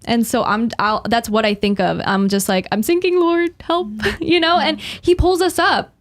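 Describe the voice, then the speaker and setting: A woman's voice: a little high, normal speed. A woman in her twenties, a podcast guest, chatting casually and animatedly, often acting out what people say. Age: 20s. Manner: animated, chatty, acts out quoted voices. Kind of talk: casual interview chat.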